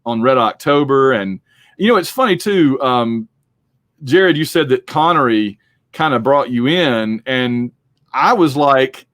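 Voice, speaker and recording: A man's voice: mid-range voice, expressive, measured pace, fairly bright tone, no echo, studio quality. A man hosting a podcast, chatting casually and rambling through a movie discussion. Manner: rambling, chatty, acts out quotes. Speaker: podcast host.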